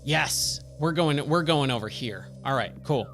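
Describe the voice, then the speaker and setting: A man's voice: fairly high pitch, lively intonation, unhurried, a bit bright, soft background music. A man giving casual, rambling commentary as he streams a game, thinking aloud and wandering off into tangents. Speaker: gaming streamer.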